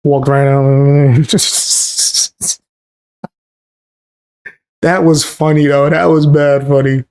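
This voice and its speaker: A man's voice: mid-range voice, flat delivery, a little slow, a little mellow, clear, resonant tone. A man from the Bronx with a New York accent, telling loose, profane stories in casual chat on a live stream. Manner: loose, profane storytelling with street slang.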